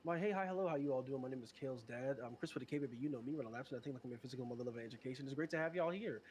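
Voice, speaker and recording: A man talking as a podcast guest in casual chat, animated and slangy, laughing often. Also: medium pitch, very fast.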